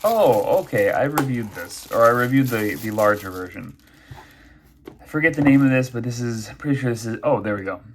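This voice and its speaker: A man's voice: medium pitch, expressive, fairly quick, slight background noise. A man reviewing knives and pens in a casual unboxing, chatty and thinking aloud with many fillers. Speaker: knife and pen reviewer.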